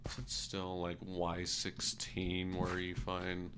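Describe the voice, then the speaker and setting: A man's voice: low-pitched, monotone, takes it slowly, background noise. A man streaming a game while telling a rambling, self-correcting story in casual, occasionally profane speech.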